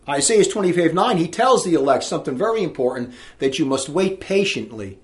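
A man's voice: on the high side, animated, brisk, hardly any pauses. A man preaching a sermon, reading scripture aloud in a fiery, emphatic way.

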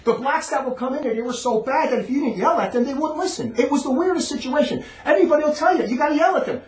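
High-voiced man ranting in a roomy space. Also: fast talker, few pauses. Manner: rambling, emphatic, repeats words. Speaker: monologue speaker. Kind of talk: ranting monologue. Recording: roomy echo.

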